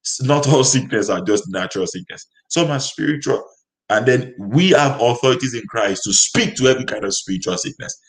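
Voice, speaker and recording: A man's voice: mid-range voice, expressive, brisk, poor audio. A man preaching a sermon, speaking in emphatic, repetitive declarations.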